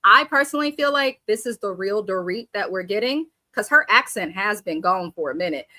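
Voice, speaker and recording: A woman live-streams a reality TV recap, blunt and sassy, reading viewer comments aloud and doing impressions of the cast members. Her medium-pitched voice sounds pushed and bright, with no room sound, in this casual live reaction commentary.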